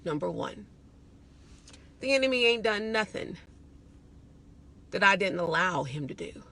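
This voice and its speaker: A woman voicing God speaking gently to a daughter in a low, hushed, earnest tone. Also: very animated, measured pace, vocal fry, full character voice. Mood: hushed tender.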